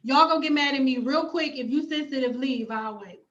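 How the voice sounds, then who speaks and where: A woman's voice: high voice, fairly quick, fairly bright tone, lo-fi sound. A woman, hosting a casual hair-care livestream from home and reading viewer comments, sassy, emphatic and profane. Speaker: hair stylist and cosmetologist vlogger.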